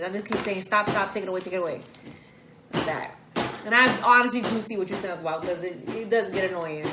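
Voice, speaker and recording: A woman co-hosting a casual vlog while eating, animated and acting out the lines she quotes in quick bursts. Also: mid-range voice, roomy sound, background noise. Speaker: vlog co-host.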